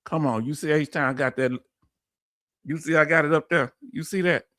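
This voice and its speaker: A man from Houston with a Houston, Texas accent, hosting a casual live-stream explainer in an energetic, folksy way and calling his audience family. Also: on the high side, normal speed, no room sound, studio quality. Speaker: host.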